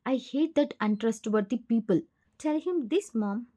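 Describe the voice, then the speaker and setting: A woman's voice: on the high side, animated, a little slow, dark tone. A woman voicing a heartbroken young woman who speaks in a tearful, accusing way. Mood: upset.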